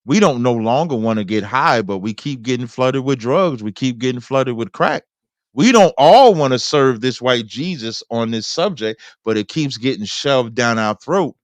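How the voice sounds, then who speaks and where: A man hosting a debate, reading scripture aloud and explaining it in a deliberate, preacherly way. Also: medium pitch, animated, no echo. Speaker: host.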